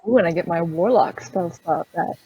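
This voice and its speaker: A woman playing in a tabletop game, chatting in a quick, playful way over an online call. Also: fairly low pitch, lo-fi sound, a little hiss or hum. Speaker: player. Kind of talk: casual table talk.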